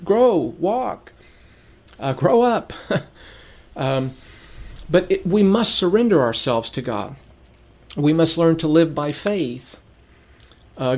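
A man preaching a sermon, earnest and emphatic. He repeats phrases for stress and asks questions that he answers himself. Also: darkish tone. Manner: earnest, repeats phrases for emphasis, rises in pitch when urging.

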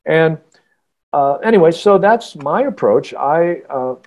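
A man, an author guest on a podcast, telling a story in a halting, earnest way with many restarts. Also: fairly high pitch, animated, darkish tone, dull audio. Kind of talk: casual podcast interview storytelling.

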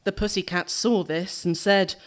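A woman's voice: medium pitch, steady tone, normal speed. A woman performing a dramatic verse reading live on a theatre stage, playful and laughing between lines.

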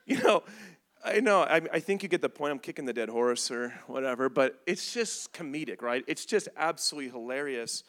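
A man preaching a sermon as a pastor, animated and comedic, acting out little scenes to make his point. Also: fairly high pitch, moderate pace.

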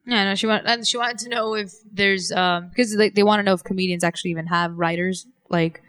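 Co-host, casual questioner, mid pitch, dry room. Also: fairly even intonation, a little fast, vocal fry, fairly bright tone, clean tone, no echo. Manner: relays a listener's questions. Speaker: podcast co-host. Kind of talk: casual podcast chat.

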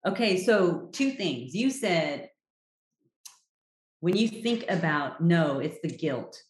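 A woman health coach speaks in a lowish voice with direct, emphatic advice. She talks like a frank coach to listeners. The recording carries a roomy echo. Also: animated, slow. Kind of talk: podcast interview.

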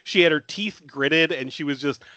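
A man's voice: a little high, moderate pace, bright, forceful tone, no room sound. A man co-hosting a casual film chat, recapping scenes and laughing often.

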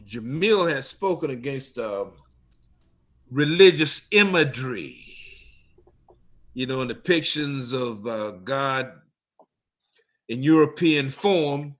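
A man talks in a slow, deliberate way, pausing on fillers as he gathers his thoughts. His voice has a bright, sharp edge. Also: medium pitch. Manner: measured, thoughtful, with pauses and fillers. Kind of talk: casual discussion.

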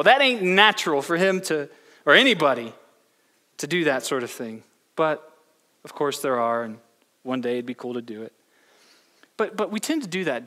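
A man's voice: high voice, sharp tone. A man preaching a sermon as pastor, telling a story with many restarts and repeated words. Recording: long hall reverb.

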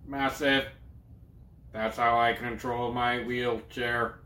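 A man putting on a slow, flat robotic genius voice. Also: medium pitch. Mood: deadpan. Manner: slow, flat, clipped word by word. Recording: roomy echo.

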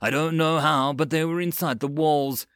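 Man doing frightened young soldier, anxious, higher voice, dry sound. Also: fairly even intonation, moderate pace, fairly bright tone, smooth, no echo, lightly acted.

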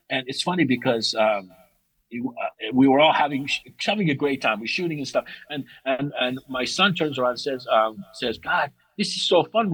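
Husky middle-aged man telling stories. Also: rough recording. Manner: animated storyteller, restarts often, rises in pitch for emphasis. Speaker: podcast guest, martial arts teacher. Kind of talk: casual conversation.

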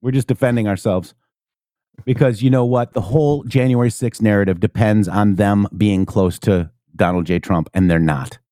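A man's voice: lowish voice, normal speed, mellow, dry recording, clean studio sound. A man co-hosting a casual political talk stream, talking emphatically with many rhetorical questions. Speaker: co-host.

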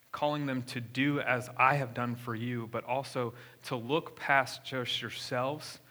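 A man's voice: medium pitch, fairly bright tone. A young man preaching a sermon in a church, talking conversationally and asking the congregation questions. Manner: conversational, engages the room with questions. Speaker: pastor. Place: church sanctuary.

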